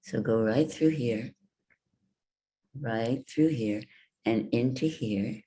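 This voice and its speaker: A woman voice coach giving a workshop talk, speaking deliberately and guiding the listeners through exercises with demonstrations. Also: rumbling low, warm tone. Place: virtual workshop from home.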